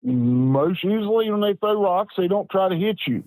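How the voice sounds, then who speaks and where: A man, telling a personal story in a plainspoken, folksy way with halting pauses. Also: high voice, animated, a little mellow, dry recording, rough recording. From West Virginia. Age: 50s. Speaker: Bigfoot researcher guest.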